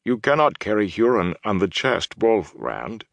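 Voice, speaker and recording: A man reading the lines of a huge, bookish male Ogier in a calm, earnest voice, lively in pitch. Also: measured pace, creaky, no room sound, exaggerated voice.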